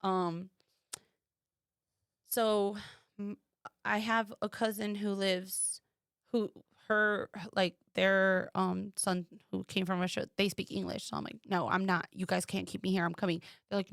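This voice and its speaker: A woman from the United States telling a personal story as a podcast guest, animated and quoting others in lively voices. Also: mid-range voice, measured pace, gravelly, no room sound, clean studio sound.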